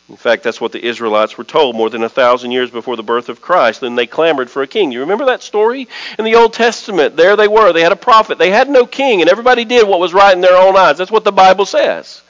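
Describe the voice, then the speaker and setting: High-voiced man preaching a sermon. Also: animated, fairly bright tone, rough recording. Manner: emphatic, with rhythmic repetition; reads scripture aloud with dramatic pauses. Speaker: pastor.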